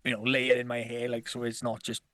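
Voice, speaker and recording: A man's voice: medium pitch, monotone, a little fast, fairly bright tone, no room sound. Swearing, rambling man, dry close mic. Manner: rambling, swears constantly, laughs through stories. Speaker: podcast co-host. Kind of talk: casual storytelling chat.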